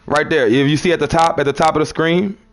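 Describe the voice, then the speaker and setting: Fast and steady in tone, with a voice on the high side, a New Orleans-accented man from that city preaches casually on a live stream. He repeats himself and calls his listeners son and brother.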